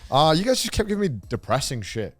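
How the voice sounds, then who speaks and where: A man's voice: on the high side, sing-song, fast. A man co-hosting a podcast, recapping a story in casual chat, rambling with fillers and correcting himself. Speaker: podcast co-host.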